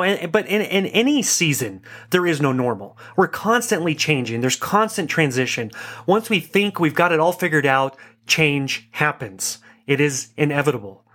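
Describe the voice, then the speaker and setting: A man's voice: on the high side, fairly bright tone. A man gives a conversational talk, telling self-deprecating stories with rambling asides. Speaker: speaker giving a talk on life transitions.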